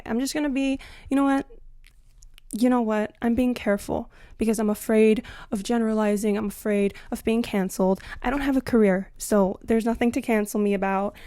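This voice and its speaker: A young woman with a slightly high voice delivers a comedic rant to camera, blunt, sarcastic and exasperated. Her delivery jumps between loud punchy lines and quieter throwaway remarks. The sound is dry and close, with no room echo. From Latina. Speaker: comedic commentary host.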